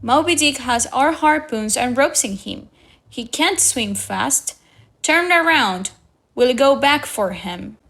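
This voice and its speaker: A woman's voice: high voice, animated, slow, fairly bright tone, heavily acted. A woman voicing an obsessed old male whaling captain in a storybook reading, with a raised, commanding voice. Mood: determined.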